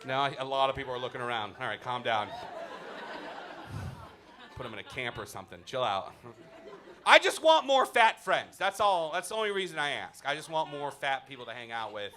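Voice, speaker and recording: A man's voice: medium pitch, expressive, brisk, bright, forceful tone, a little hiss or hum. A man doing a stand-up comedy set in a comedy club, talking with the crowd and acting mock-indignant. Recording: live club audience laughter.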